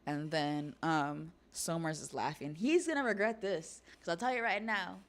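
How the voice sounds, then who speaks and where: A woman's voice: lowish voice, moderate pace. A woman hosting a stream, casually recapping and reacting, chatty and profane. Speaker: stream host. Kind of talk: casual episode recap and discussion.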